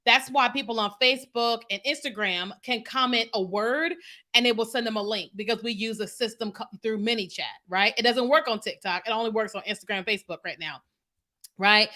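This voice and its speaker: A bright-voiced woman in her thirties talks to her livestream viewers as a business coach. Her pitch sits a little high, and she keeps checking in with "you know what I mean?" The delivery is loose and conversational, spoken into a computer mic. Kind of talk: casual livestream chat with viewers. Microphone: computer mic on a streaming setup.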